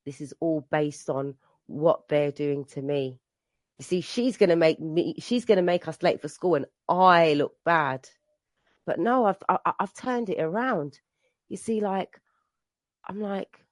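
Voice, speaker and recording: In a meeting room, an adult mother from England recounts her recovery with emotion, frequently restarting and repeating herself. She speaks a little slowly in a deep voice, captured in a dry recording.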